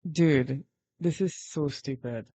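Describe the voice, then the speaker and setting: A woman's voice: sits low, slow pace, warm tone, husky, no echo. A woman chatting casually on a drawing livestream, self-deprecating and easily exasperated when things go wrong. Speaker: art livestreamer.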